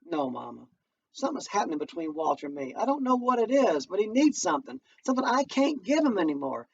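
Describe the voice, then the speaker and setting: A man's voice: high voice, sing-song, quick pace, gravelly, slightly rough, pitched above the performer's own voice, exaggerated voice. A man voicing a tired young wife who talks in an earnest, coaxing way. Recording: distant muffled home recording, faint noise.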